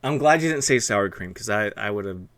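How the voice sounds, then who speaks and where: A man's voice: on the low side, lively intonation, moderate pace, a bit bright. A man hosting a live stream, chatting in a rambling, casual way and reading chat aloud. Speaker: streamer host.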